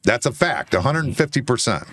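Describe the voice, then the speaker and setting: Insistent, defensive man with a lively voice. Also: mid-range voice, fairly quick, slight background noise. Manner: defensive, insistent, swears, repeats himself. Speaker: co-host. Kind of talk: heated bar-talk argument.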